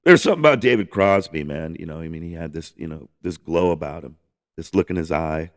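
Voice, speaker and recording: A man's voice: low-pitched, animated, fast talker. A man hosting a casual music podcast, rambling enthusiastically with lots of restarts and the odd swear. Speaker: podcast host.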